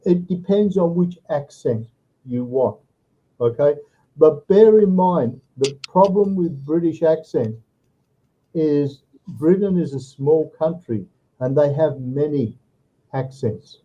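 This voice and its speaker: A man's voice: fairly high pitch, slow, warm tone, lo-fi sound. A male English tutor in an online lesson, explaining patiently and checking in with "okay?" after each point. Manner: patient, tags sentences with "okay?" and "all right?". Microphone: video call.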